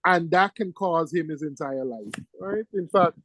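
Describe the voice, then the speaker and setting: A middle-aged man with a lilt teaches medicine to exam students in a high, lively voice. He leans on key words and keeps asking "right?" The sound is close and dry. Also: a little slow, no echo, rough recording. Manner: emphatic, repeats key words, checks in with "right?". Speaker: medical lecturer. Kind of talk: exam-prep lecture to students.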